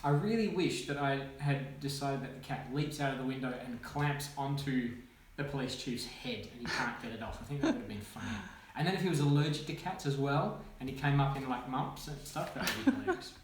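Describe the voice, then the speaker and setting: A man, a children's author, reading his own picture book aloud with playful, animated commentary and sound effects. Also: mid-range voice, a little fast, hardly any pauses. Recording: echoey room, faint noise.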